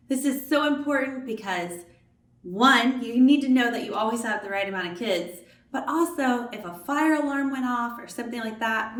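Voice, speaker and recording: Woman explaining steps in an echoey room. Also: a little high. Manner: warm, clear, explains step by step with acted examples. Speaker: children's ministry trainer. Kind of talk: instructional training video.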